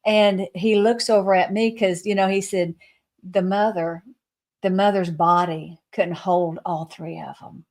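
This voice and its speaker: A woman guest sharing a spiritual vision in an earnest storytelling way, often dropping to a soft, slow hush. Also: lowish voice, fairly even intonation. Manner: soft, hushed and slowed when quoting; earnest, with fillers and restarts.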